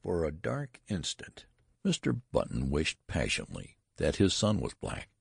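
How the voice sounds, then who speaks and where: Deep, gravelly storyteller man. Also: normal speed, no room sound, clean studio sound. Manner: expressive storytelling reading. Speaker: narrator. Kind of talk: scripted story narration.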